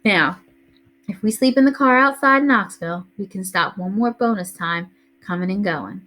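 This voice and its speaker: A woman's voice: medium pitch, normal speed, bright, forceful tone, close to an everyday voice. A woman reading aloud, voicing an organized mother who lists a road-trip plan step by step. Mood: businesslike. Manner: orderly, listing plans step by step. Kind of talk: reading a novel aloud to a class.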